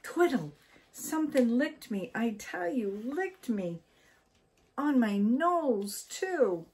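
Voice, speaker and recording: A woman's voice: medium pitch, lively intonation, takes it slowly, a little mellow, husky, voice pushed up, full character voice. An older woman voicing a fretful wife woken in the night, speaking in a frightened, pleading way. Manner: startled, pleading.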